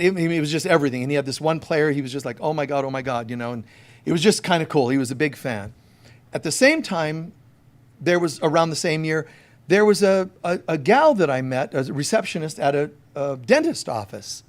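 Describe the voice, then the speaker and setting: A man preaching a conversational sermon as a spiritual teacher, emphatic and storytelling, talking straight to his listeners. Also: fairly high pitch. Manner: emphatic, direct address to listeners.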